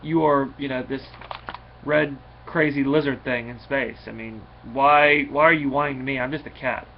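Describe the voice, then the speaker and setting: A man's voice: mid-range voice, steady tone, normal speed, vocal fry, highs cut off, a little hiss or hum, natural voice. A man voicing an impatient male alien cat creature who speaks in curt, scolding bursts. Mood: exasperated.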